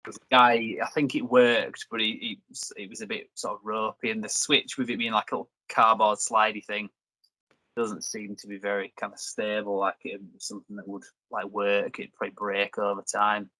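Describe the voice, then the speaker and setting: A man's voice: lowish voice, level tone, normal speed, pushed and bright, dry recording, poor audio. A young man hosting a review video, rambling and joking in casual chat. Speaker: reviewer and host.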